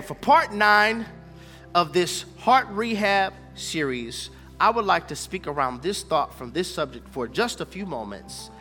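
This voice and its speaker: Male preacher, repetitive call-and-response sermon, long hall reverb, soft music underneath. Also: high voice, very animated, a little slow. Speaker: pastor.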